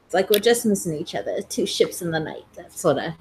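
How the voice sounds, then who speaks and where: A woman's voice: lowish voice, lively intonation, fairly quick, slight background noise, rough recording. A woman playing a wry, easygoing woman who lives simply in a camper. She talks casually and loosely. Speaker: tabletop game player. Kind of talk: in-character tabletop role-play.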